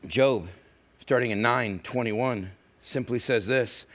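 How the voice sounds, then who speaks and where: A man's voice: medium pitch, slow. A male pastor delivering a sermon, telling stories animatedly and acting out quotes. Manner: animated storytelling with acted-out quotes.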